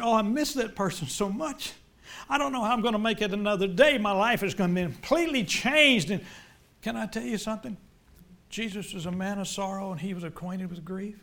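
A middle-aged male preacher delivering a sermon, swinging between loud emphatic lines and quiet, low ones.

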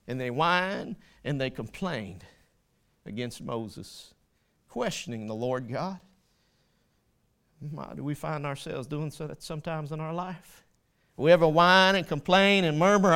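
A man preaching a sermon in a fairly high, smooth and resonant voice. He quotes scripture with rising fervor and corrects his own small slips along the way. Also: normal speed.

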